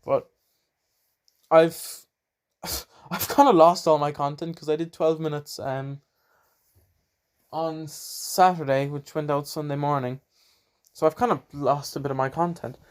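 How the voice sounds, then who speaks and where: Chatty Irish man, slightly high voice. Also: steady tone, unhurried, long pauses, clean tone. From Ireland. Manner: rambling, chatty, self-deprecating. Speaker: podcast host. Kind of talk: casual solo podcast chat.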